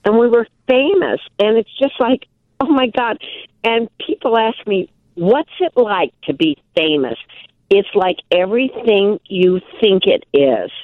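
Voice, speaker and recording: A woman's voice: medium pitch, no echo. Older woman telling stories over a tinny phone line. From Milwaukee. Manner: animated, self-deprecating, many restarts. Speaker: guest, actress and author. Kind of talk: casual interview storytelling.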